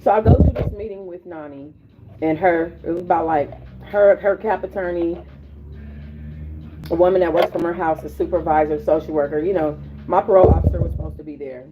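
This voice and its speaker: A woman host telling a personal story in casual, animated, profane slang. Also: on the low side, a little fast. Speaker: podcast host. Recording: tinny phone-like audio.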